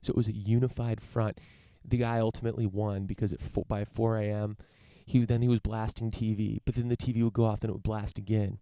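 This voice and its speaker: A young man with a low, gravelly, mellow voice hosts a solo podcast in casual chat. He rambles, swears freely and fills gaps with ums and restarts. The sound is dry and close. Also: flat delivery, a little fast, few pauses, no room sound. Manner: rambling, profane, lots of fillers and restarts. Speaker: podcast host. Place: parents' home, indoors. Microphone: camera setup for a live stream.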